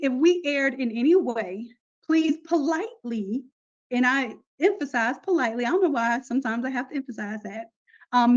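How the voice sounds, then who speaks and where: High-voiced, chatty woman teaching online. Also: highs cut off. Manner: chatty, upbeat, uses y'all and slang. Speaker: online course instructor. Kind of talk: casual live class talk.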